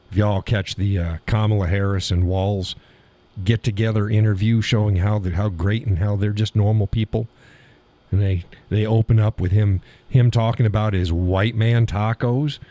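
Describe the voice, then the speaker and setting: A lower-voiced man with a drawl hosts a live stream. He reads chat comments aloud and answers with blunt, scornful remarks, often breaking into laughter. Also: mellow. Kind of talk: casual political commentary reading chat.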